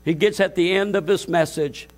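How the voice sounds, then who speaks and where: An older pastor preaches with a high voice at a church service. He builds to fervent shouts and trips over his own restarts. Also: moderate pace. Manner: impassioned, climbing to shouts, stumbling restarts. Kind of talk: sermon.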